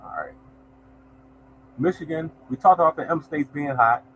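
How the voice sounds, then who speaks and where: Expressive and slightly high-pitched at normal speed, a man reads out numbers on his lottery livestream. He keeps the chat loose and conversational, calls viewers y'all, and the rough recording has a little hiss or hum.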